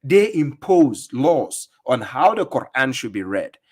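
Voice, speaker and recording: A man's voice: medium pitch, very animated, takes it slowly, a little mellow. A man hosting a livestream, giving mocking, sarcastic religious commentary on video clips he plays. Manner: scornful, sarcastic, lecturing. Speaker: livestream host reacting to clips.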